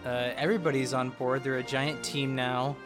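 A man's voice: medium pitch, level tone, moderate pace, music in the background. A man co-hosting a casual movie podcast, speaking with enthusiasm and laughing as he goes. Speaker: podcast co-host.

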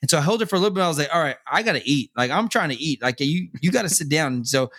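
A young man chatting casually as a podcast co-host, rambling with many restarts and repeated words, and turning animated when he quotes others. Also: racing. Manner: animated, jumps higher when quoting others. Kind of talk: casual chat.

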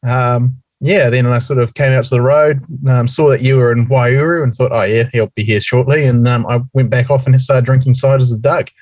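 A man's voice: medium pitch, brisk, few pauses, dry recording. A young man with a New Zealand accent co-hosting a casual podcast, telling stories in a chatty, cheeky way. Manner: chatty, cheeky, lively storytelling. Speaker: podcast co-host. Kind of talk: casual chat.

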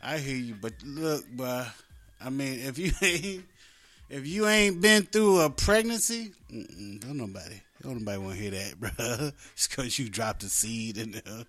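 A man's voice: mid-range voice, lively intonation, a little slow, a bit bright. A man hosting an internet radio show, talking casually in a rambling, joking way and laughing often.

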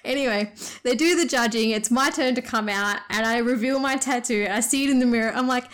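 A woman's voice: a little high, normal speed. A woman chatting casually and recounting a dream, laughing often and acting out what people said. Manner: giggly, animated storyteller who acts out quotes. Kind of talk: casual chat, telling a dream.

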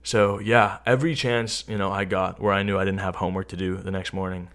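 A young man speaks in a deep, gravelly voice that sits very low. He talks in an easygoing, rambling way, checking in with his listener as he goes. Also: a little fast. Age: young adult. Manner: relaxed, rambling, many "right?" tags. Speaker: interviewee. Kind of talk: casual chat.

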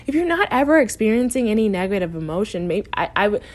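Woman, podcast host, life coach, encouraging, direct, tough-love tone, mid-pitched voice. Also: very animated, fast. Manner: encouraging, direct, laughs often. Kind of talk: motivational podcast talk.

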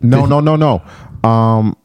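A man co-hosting a casual movie podcast, lively and quick to drop into quotes and impressions. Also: medium pitch, smooth, dry recording. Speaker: podcast co-host. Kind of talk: casual chat about movies.

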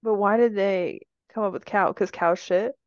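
A woman's voice: medium pitch, fairly even intonation, normal speed, darkish tone, no echo, muffled recording. A woman co-hosting a podcast in casual chat, playful and jokey, repeating words for fun. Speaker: podcast co-host.

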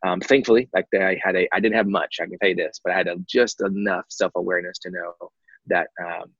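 A man's voice: deep voice, fairly even intonation, fast, fairly bright tone, breathy edge, no room sound, muffled recording. A man, candidly telling his life story as a guest, rambling with lots of fillers. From Texas. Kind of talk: personal story in conversation.

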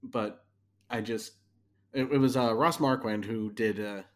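A man's voice: mid-range voice, steady tone, a little slow. A man co-hosting a podcast. He talks casually and candidly about a show he watched, often restarting his sentences. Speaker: podcast co-host. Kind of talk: casual chat reviewing a show.

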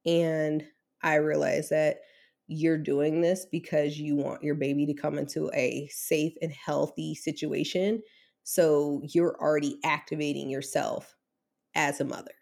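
A woman's voice: sits low, little pitch movement, unhurried, gravelly, darkish tone. A woman in her thirties, an interview guest telling a candid, emotional personal story with many fillers.

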